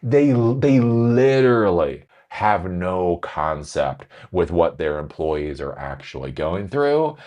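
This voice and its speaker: Low-voiced, animated sarcastic male host. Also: slow, few pauses. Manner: animated, sarcastic, swinging from reading to ranting. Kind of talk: podcast news commentary.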